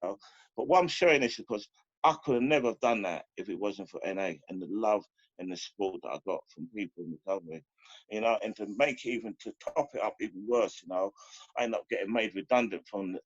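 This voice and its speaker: A man's voice: fairly low pitch, a little fast, husky, no room sound, highs cut off. A middle-aged man from London giving a heartfelt, rambling share at a recovery meeting, full of "you know" fillers.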